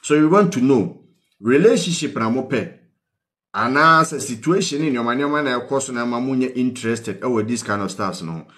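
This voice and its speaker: A man's voice: medium pitch, animated, normal speed, fairly bright tone. A man with a Ghanaian accent hosting a call-in talk show, switching between Twi and English and prodding viewers with questions as he gives earnest advice. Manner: keeps prodding viewers with "What you say?", mixing Twi and English; earnest, pleading, advice-giving tone. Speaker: host.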